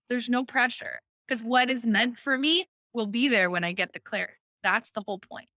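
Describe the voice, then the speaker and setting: A woman hosting a casual chat, explaining an idea in a lively way, often checking in with "right?" and acting out quoted thoughts. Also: fairly high pitch, normal speed, few pauses, no echo. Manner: lively, acts out quoted inner voices, frequent "right?". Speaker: host explaining a personal decision-making method.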